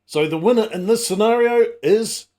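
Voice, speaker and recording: A man's voice: high-pitched, moderate pace, darkish tone. A middle-aged man hosting a casual comedy vlog, full of wry, self-mocking asides and teasing jokes. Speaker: channel host.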